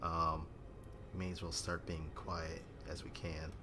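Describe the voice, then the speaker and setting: A man's voice: extremely low pitch, level tone, takes it slowly, noisy background. A man playing a tabletop game, chatting casually and thinking aloud through rules questions. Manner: thoughtful, asks rules questions. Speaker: player.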